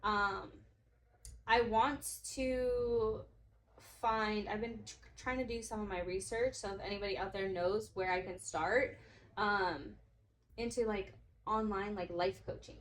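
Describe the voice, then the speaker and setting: A young adult woman, a podcast guest in casual chat, telling lively stories, laughing often and acting out the voices of others. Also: medium pitch, unhurried. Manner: animated storyteller, laughs often, acts out quotes.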